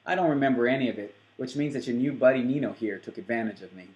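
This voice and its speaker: A burly gay man with a sharp, sarcastic tongue, as a man reads him aloud. He speaks low-key and dry. The reading echoes in the room. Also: fast talker, dull audio, close to an everyday voice.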